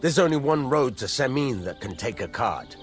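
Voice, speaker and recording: An actor playing a gruff middle-aged blacksmith who grumbles and curses, in a video game. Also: male voice, mid-range voice, lively intonation, normal speed, soft background music, natural voice. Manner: gruff, cursing.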